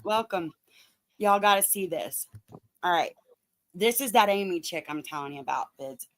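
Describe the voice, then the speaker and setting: Woman streamer, lower register, blunt profane commentary, dry close sound. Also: expressive, moderate pace, dry recording. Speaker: streamer host. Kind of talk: casual livestream commentary.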